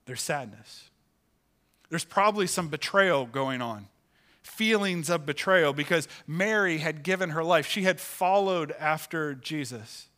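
Male pastor, sermon delivery, expressive storyteller, bright tense tone. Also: unhurried. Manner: expressive, pitch rises for acted quotes. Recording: church sanctuary, live sermon.

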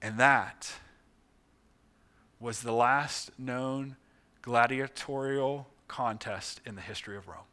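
A male pastor preaching a sermon, telling a story dramatically and swinging from hushed tones to loud ones. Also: mid-range voice, steady tone, slow, long pauses.

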